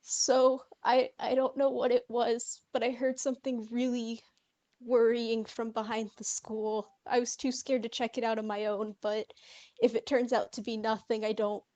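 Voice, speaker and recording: A frightened young woman , voiced by a woman player, asks for help in a trembling, hushed voice. Her words come fast and unsteady. The recording is dry and close. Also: fairly high pitch, creaky, no echo.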